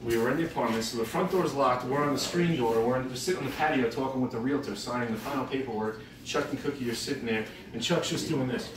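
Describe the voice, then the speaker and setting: A man's voice: medium pitch, quick pace, few pauses, recorded from a distance, noisy background. A man telling rambling, profanity-filled, laughing stories about his dog to a group. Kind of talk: casual storytelling tribute. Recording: very echoey, off-mic, crowd behind.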